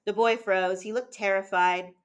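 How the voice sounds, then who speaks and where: A teacher reading a novel aloud in a measured, steady way, with a few small fillers and restarts. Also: female voice, mid-range voice, smooth.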